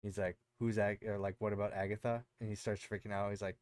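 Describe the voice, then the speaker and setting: Podcast co-host, male, rambling recap style with lots of ums, smooth lowish voice. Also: level tone, moderate pace, long pauses, a little mellow, no room sound. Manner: rambling, lots of fillers and self-corrections. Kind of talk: casual chat recapping a show.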